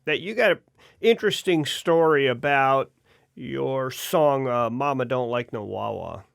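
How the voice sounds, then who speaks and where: Male podcast host, gravelly texture, lively pitch, dry sound. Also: unhurried, dry recording. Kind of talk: casual interview.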